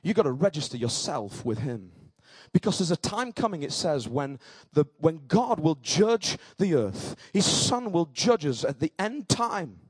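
Preacher guy, pretty high voice, tells a story then gets all fired up and shouty, dry close sound. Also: big pitch swings, unhurried, few pauses, husky, no room sound. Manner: storytelling that builds to fervent, shouted exclamations. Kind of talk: sermon with personal story. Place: church.

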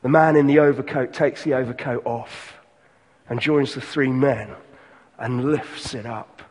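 A pastor giving an earnest sermon, slowing and softening on key lines. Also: male voice, mid-range voice, steady tone, husky, in a large hall.

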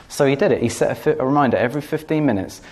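Speaking fast with a darkish, mid-range voice, a man preaches and relates a personal anecdote. His earnest teaching features repeated words for stress and occasional laughter.

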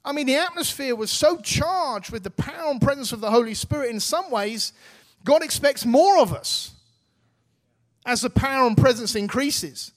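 High-voiced man preaching earnestly. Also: animated, normal speed. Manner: earnest, exhorting, casual phrasing. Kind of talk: sermon.

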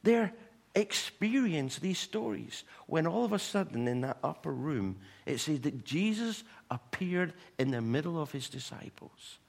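A man preaching a sermon, retelling stories in an animated way with humorous asides to the congregation. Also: on the high side, a little slow, vocal fry, hardly any pauses. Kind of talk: sermon storytelling.

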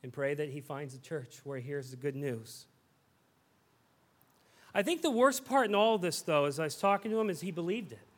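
A man in his thirties preaching a sermon as a pastor, telling a story in an animated, conversational way. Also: on the high side, moderate pace.

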